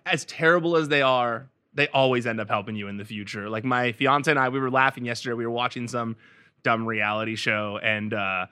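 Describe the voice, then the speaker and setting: A man's voice: medium pitch, fairly quick, sharp tone, clean tone. A man hosting a podcast, chatting casually and with sympathy while he interviews a guest. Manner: empathetic, chatty.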